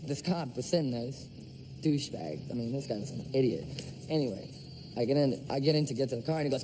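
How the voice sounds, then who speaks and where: A man's voice: mid-range voice, quick pace, noisy background. A man in a band, telling brash stories with laughter in a documentary interview. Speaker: band member.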